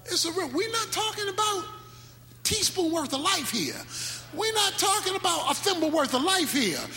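High bright-voiced preacher in a hall. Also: male voice, big pitch swings. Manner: dramatic preaching, sudden shouts and slow drawn-out phrases. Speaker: pastor. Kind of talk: sermon. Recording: echoey hall with faint music.

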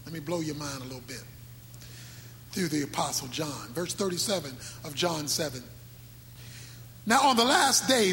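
A man preaching a sermon with speech, swinging between sudden shouts and slow, drawn-out phrases. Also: sits high. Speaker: pastor. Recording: echoey hall with faint music.

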